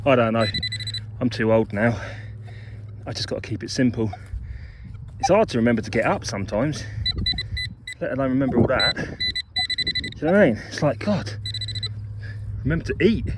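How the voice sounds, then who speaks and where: Male vlogger outdoors, animated, playful running commentary. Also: mid-range voice, moderate pace, pauses often, slight background noise. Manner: chatty, playful, teasing finds and mock-insulting them. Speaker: metal detecting vlogger. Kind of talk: casual talk to camera while detecting. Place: outdoors in a field.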